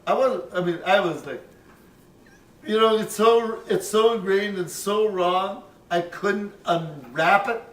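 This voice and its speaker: A man's voice: high-pitched, slow, far from the mic. An older man casually telling a personal story, rambling and profane, with chuckles. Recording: roomy, off-mic, faint ambience.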